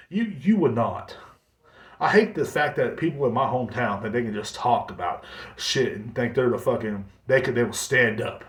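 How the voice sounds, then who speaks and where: A man's voice: mid-range voice, lively intonation, a little fast. A man hosting a podcast, delivering a heated, profane ranting monologue and mocking other people's voices. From United States. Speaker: podcast host. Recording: echoey room.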